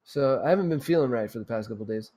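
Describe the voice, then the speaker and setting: A man's voice: medium pitch, lively intonation, quick pace, dark tone. Podcast guy rambling n swearing, laughs a bunch, bit under the weather after food poisoning. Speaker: podcast host. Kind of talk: casual crude chat.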